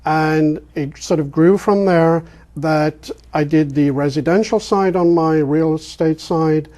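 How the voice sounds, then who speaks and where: An older man from England with an English accent that keeps its R's, answering interview questions as a guest in a rambling storytelling way with many ums and pauses. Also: on the high side, warm tone. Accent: English, pronouncing his R's. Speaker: guest, real estate investor.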